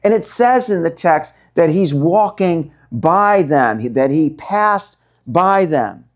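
A man preaching a sermon at a slow, deliberate pace. His voice sits a little high for a man, and he stretches out words for dramatic emphasis, swinging between hushed and loud. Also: expressive. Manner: dramatic, drawn-out emphasis with wide swings in pitch and loudness. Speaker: pastor.

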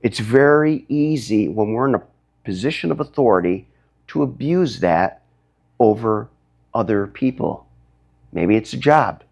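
A man preaching a sermon, emphatic, his voice rising high when he gets stirred up. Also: lively intonation, unhurried, creaky, darkish tone. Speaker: pastor.

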